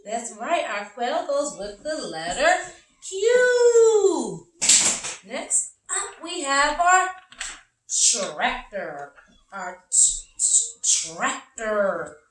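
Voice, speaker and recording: High, sing-song teacher in a roomy space. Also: female voice, sing-song, fairly bright tone. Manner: slow, sing-song, encouraging, exaggerated letter sounds. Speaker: early-learning teacher. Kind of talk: phonics lesson for young children. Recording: roomy, from a distance.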